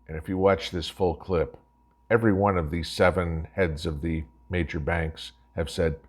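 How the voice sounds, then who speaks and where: A man's voice: low voice, measured pace. A man giving scornful, opinionated commentary as host, ranting and tagging his points with "okay?".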